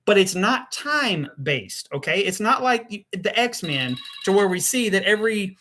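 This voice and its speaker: A man's voice: sits high, expressive, moderate pace, bright, forceful tone, a little hiss or hum. A man hosting a live call-in debate. He presses callers, repeats his phrases and cuts in. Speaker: debate host.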